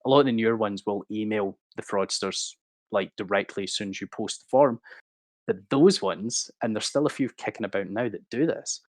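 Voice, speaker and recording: A man in his thirties telling an animated, swearing-laced story as a guest on a livestream. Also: lowish voice, moderate pace, no room sound. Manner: animated anecdote-telling, swearing, acting out quotes. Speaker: guest speaker.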